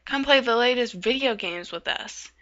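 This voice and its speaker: A woman's voice: a little high, moderate pace, a bit bright, a little hiss or hum, close to an everyday voice. A woman doing jeering, mocking kids. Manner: jeering, taunting. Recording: dull lo-fi recording.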